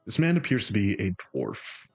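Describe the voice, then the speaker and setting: A man narrating a tabletop game as game master, in a halting way with many restarts. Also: lowish voice, huge pitch swings, creaky, husky, soft background music.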